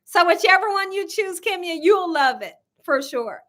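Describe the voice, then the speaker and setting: A woman's voice: extremely high pitch, lively intonation, normal speed, fairly bright tone. A woman hosting a casual cooking livestream, chatty and laughing often as she reads viewer comments aloud. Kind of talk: casual live chat reading viewer comments.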